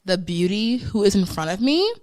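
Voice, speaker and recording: A woman's voice: mid-range voice, very animated, moderate pace, a little mellow. Playful hype-talking woman podcast host. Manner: playful, dramatic hype, slangy. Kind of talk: casual chat. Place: studio.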